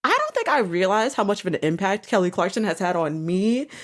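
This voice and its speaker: A woman hosting a podcast in casual chat, animated, swearing now and then and breaking into bits of songs. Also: medium pitch, a little fast. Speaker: podcast host.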